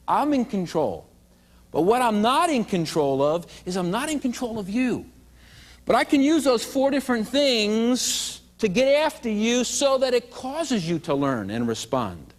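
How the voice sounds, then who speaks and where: Animated high-voiced man teaching in a hall. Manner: playful, leads audience in call-and-response. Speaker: teacher trainer. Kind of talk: live teaching seminar. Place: hall with a live audience of adults. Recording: long hall reverb.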